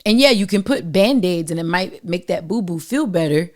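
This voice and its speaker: A woman's voice: on the low side, lively intonation, moderate pace. A woman hosting her own show, giving emphatic, slangy love advice straight to her listeners. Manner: emphatic, preachy, uses slang and direct address. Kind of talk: casual advice monologue.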